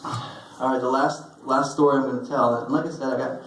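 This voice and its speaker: A man's voice: mid-range voice, steady tone, a bit bright, a little hiss or hum. Man giving a eulogy in an echoey hall. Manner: halting, many restarts and fillers, storytelling. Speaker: eulogy speaker. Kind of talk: personal eulogy with stories. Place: funeral service hall. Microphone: phone recording from the audience. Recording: very echoey hall, phone recording.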